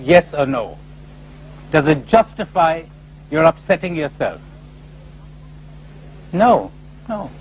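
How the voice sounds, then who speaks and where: Animated man giving a spiritual talk. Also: on the high side, slow, pauses often, a little hiss or hum, low-quality recording. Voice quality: animated, rhetorical, acting out imagined voices. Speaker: speaker at a spiritual retreat conference. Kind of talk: lively spiritual conference talk.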